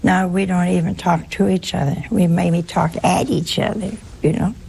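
A woman with a deeply raspy voice, rough and gravelly at the edges, gives an informal spiritual talk. She is chatty and humorous, moving easily from story to story as a religious sister talking to a crowd. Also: fairly even intonation, normal speed, dark tone. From United States.

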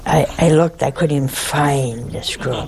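Older woman, nun, gravelly voice, unhurried folksy storytelling, chuckles along. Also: low voice, a crowd in the background, rough recording. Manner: folksy, chuckling, drawn-out telling with pauses. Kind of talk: humorous personal storytelling talk.

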